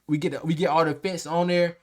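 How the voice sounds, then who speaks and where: A young man casually telling a workplace story to camera, animated and slangy, acting out the people in it. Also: fairly high pitch, a little fast. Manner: animated, slangy and profane, acts out quotes.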